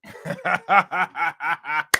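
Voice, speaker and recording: A man's voice: a little high, steady tone, very slow, very noisy. A man hosting a livestream, reacting casually with jokes and frequent laughter. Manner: laughs a lot, joking, rowdy.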